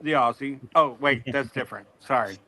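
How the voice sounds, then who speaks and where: A man's voice: medium pitch, normal speed, bright, forceful tone. A man co-hosting a casual chat, jokey and enthusiastic, teasing and laughing a lot. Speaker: co-host.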